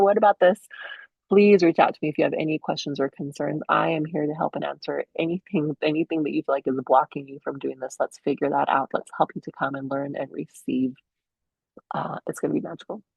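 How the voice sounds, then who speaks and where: A woman hosting her own podcast, talking earnestly and enthusiastically to listeners, sometimes dropping to a soft, hushed tone. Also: deep voice, vocal fry, breathy edge, no room sound, muffled recording. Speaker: podcast host. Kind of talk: inspirational solo podcast talk.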